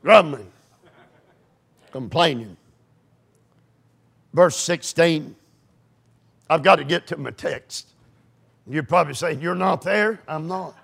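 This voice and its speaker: A preacher, a man with a high, heavily gravelly voice that cuts bright and tense. He delivers his sermon fervently and folksily and often rises to a shout. His tone is raspy and rough around the edges. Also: a little slow, pauses often. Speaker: pastor.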